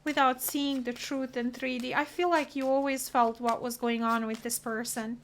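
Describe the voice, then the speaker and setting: Brief: woman tarot reader, slightly high voice, earnest and emotional delivery. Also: level tone, moderate pace, a little hiss or hum. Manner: earnest, emotional, talks through card meanings. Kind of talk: solo tarot reading to camera.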